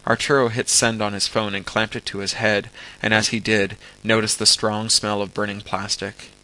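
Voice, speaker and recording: A man reading a story aloud as an amateur audiobook, steady with occasional stumbles. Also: on the low side, moderate pace, rough recording. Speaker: narrator.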